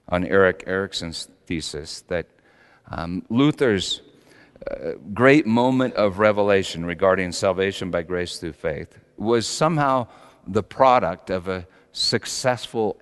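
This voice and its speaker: A middle-aged man preaching a sermon dramatically, swinging between loud high peaks and quiet low passages. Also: clear, resonant tone. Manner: dramatic, with big rises in pitch and volume. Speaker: pastor. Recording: long hall reverb.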